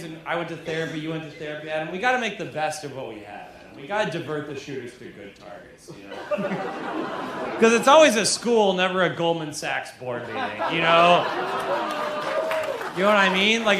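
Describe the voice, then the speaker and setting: A stand-up comic with a high voice in a roomy club. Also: male voice. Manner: deadpan, mock-serious, often breaking into laughter. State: drunk. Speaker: stand-up comedian. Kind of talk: live stand-up set. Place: comedy club stage. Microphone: handheld stage mic. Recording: roomy live club recording with crowd noise. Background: audience laughter.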